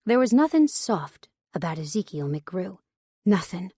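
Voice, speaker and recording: A woman's voice: fairly low pitch, big pitch swings, a little slow, dark tone, husky, no echo, clean studio sound. Intimate woman narrating a romance audiobook. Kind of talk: first-person romance narration.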